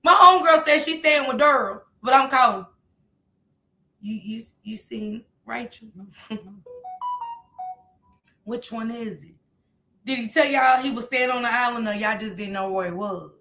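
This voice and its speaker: A woman's voice: on the high side, brisk, sharp tone. A woman doing sassy casual live commentary, talking back to clips. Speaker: commentary streamer.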